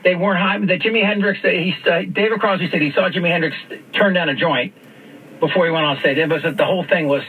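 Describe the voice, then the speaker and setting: A man's voice: high-pitched, quick pace, slightly rough. A male radio host interviewing a guest, chatty and stumbling, often repeating his words. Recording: phone-like radio broadcast.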